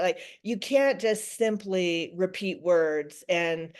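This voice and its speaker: A middle-aged woman guests on a podcast in a conversational interview, her medium-pitched, slightly mellow voice unhurried with hardly any pauses. She reflects aloud, restarting often and quoting her own self-talk.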